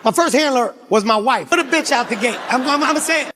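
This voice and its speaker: Stand-up comic, male, very high bright voice, shouty and animated storytelling on a stage mic. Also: brisk, slight background noise. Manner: loud, animated, frequent shouting and laughing. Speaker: stand-up comedian. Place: comedy stage before a live audience.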